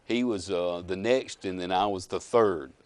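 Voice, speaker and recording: Low-voiced man, halting speech. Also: a little mellow. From Alabama. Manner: hesitant, with many uh fillers and restarts. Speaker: former state representative and guest. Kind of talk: casual interview chat.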